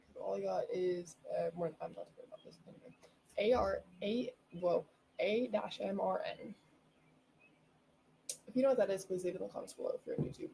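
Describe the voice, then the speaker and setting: Young female podcast host, excitable and rambling; mellow tone, light background noise. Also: medium pitch, quick pace, creaky, low-quality recording. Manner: bubbly, rambling, giggly. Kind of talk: casual solo podcast chat.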